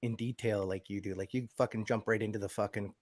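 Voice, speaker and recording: A man's voice: on the low side, fairly even intonation, fast talker, no room sound, studio quality. A man chatting as co-host on a casual podcast. He is laid-back and swears freely.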